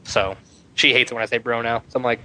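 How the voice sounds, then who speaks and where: Guy on a gaming podcast, bright voice, swears a lot, animated stories. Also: medium pitch, fast talker, low-quality recording. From Phoenix, USA. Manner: animated, profane storytelling. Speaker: podcast co-host. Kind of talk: casual gaming podcast chat.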